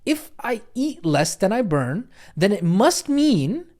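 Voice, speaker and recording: A man teaching a recorded online nutrition course as coach, energetic and chatty, often checking in with "okay?" and "right?". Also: high-pitched, takes it slowly. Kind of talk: recorded online training lesson.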